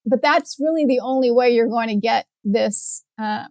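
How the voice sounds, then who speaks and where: Woman policy guest, fairly high voice, dry studio sound, measured explaining. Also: a little mellow, no echo. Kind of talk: explanatory interview answers.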